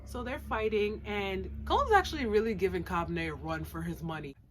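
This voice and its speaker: A woman's voice: mid-range voice, expressive, moderate pace, slight background noise. A young woman casually reviewing an anime episode at home, slangy and sarcastic with giggly asides. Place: home room with plushies.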